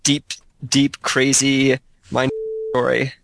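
A man who is a podcast guest, chatting casually about games and television, eager and a little halting. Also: mid-range voice, monotone, vocal fry, background noise. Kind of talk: casual gaming podcast chat.

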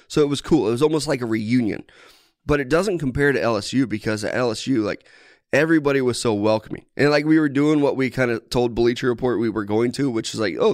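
A man co-hosting a podcast, telling an animated story with plenty of swearing. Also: medium pitch, dry recording, studio quality. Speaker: podcast co-host. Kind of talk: casual chat.

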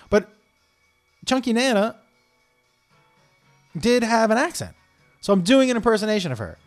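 A man's voice: high voice, unhurried, long pauses, faint music behind. Rambling comic storyteller, a man. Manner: animated, jumping into digressions and voices.

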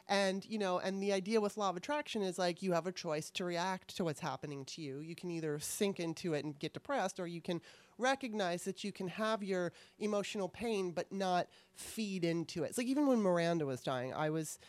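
A woman's voice: fairly low pitch, fairly quick, no echo. A woman hosting a casual chat, talking candidly and in a rambling way, with casual swearing. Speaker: podcast host. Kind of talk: casual conversation.

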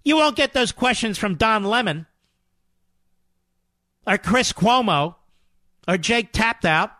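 A man's voice: sits high, animated, takes it slowly, bright, forceful tone, no echo. A middle-aged man hosting a political talk radio show, combative and sarcastic, hammering his points with emphatic repetition.

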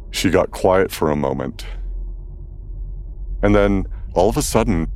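Slow, deep-voiced male storyteller. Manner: calm, measured narration. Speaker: tattoo practitioner. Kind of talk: personal storytelling.

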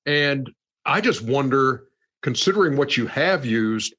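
A man's voice: medium pitch, lively intonation, measured pace, sharp tone, slightly rough, lo-fi sound. A man hosting an interview, asking curious questions and laughing often. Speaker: host.

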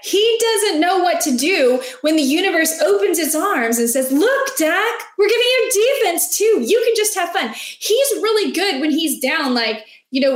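A woman co-hosting a casual sports chat, talking in an animated, playful, rambling way. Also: sits high, roomy sound. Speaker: sports podcast co-host.

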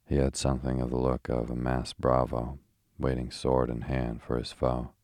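A man narrating a classic novel as a slow, steady, rhythmic sleep story. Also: rumbling low, no room sound, clean studio sound.

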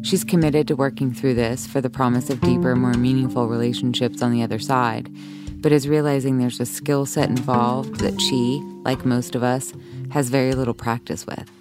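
A woman with an unusually deep, low voice reads scripted documentary narration in a measured, even way. Music plays clearly underneath her. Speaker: podcast narrator. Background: music bed.

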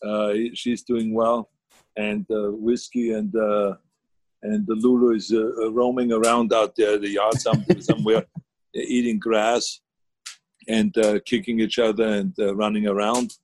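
A man's voice: on the low side, level tone, unhurried, darkish tone. A man, chatting casually as a guest on a video call, rambling with many fillers and restarts. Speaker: guest, former governor.

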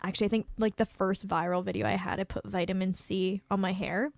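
A woman's voice: mid-range voice, flat delivery, brisk, gravelly, a little mellow, no echo. A woman from Canada, a singer, chats candidly as a podcast guest, her voice in a middle register. She laughs easily and talks freely, and the recording is dry and close with no room sound. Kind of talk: casual interview chat.

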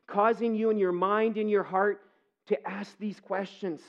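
A man preaching a sermon as pastor, earnest, moving between quiet reflection and impassioned pleading. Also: high voice, steady tone, moderate pace, highs cut off.

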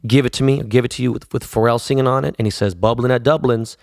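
This podcast host, a man in his forties, talks fast in a mid-range, slightly mellow voice with fairly even intonation. He casually rambles through long stories loaded with slang and profanity, captured in clean studio sound without echo.

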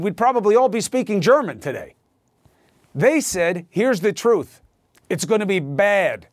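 A man's voice: a little high, no room sound. A male news anchor delivering an emphatic, sarcastic opinion monologue in a studio.

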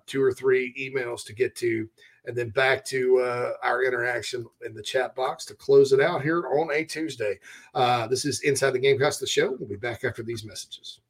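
A man's voice: medium pitch, fairly bright tone. Chatty southern sports podcast host, a man. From southern United States. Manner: chatty, folksy, laughs easily. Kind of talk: casual sports talk.

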